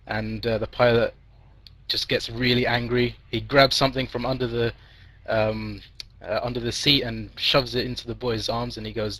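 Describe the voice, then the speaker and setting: Brief: man telling a long joke to friends, rambling, mid-pitched. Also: little pitch movement, normal speed, fairly bright tone, dry recording, low-quality recording. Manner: rambling, many fillers and restarts, laughing.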